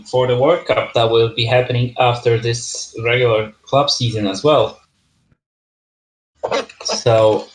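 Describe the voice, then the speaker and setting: A man's voice: mid-range voice, slight background noise. A man hosting a casual online league preview, asking a team questions over voice chat. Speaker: host. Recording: echoey room.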